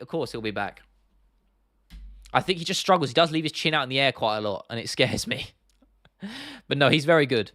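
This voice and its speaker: A man's voice: mid-range voice, fairly bright tone, dry recording, clean studio sound. A young British man in his twenties hosting a livestream, chatting casually, swearing freely and answering viewer comments in a rambling way. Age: 20s. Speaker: livestream host.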